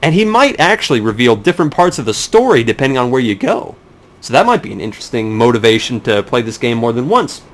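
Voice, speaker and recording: A man's voice: medium pitch, very animated, fast talker. A young man giving rambling, sarcastic, profane commentary while playing a game. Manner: rambling, sarcastic, swears a lot. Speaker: let's play commentator. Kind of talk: casual gameplay commentary.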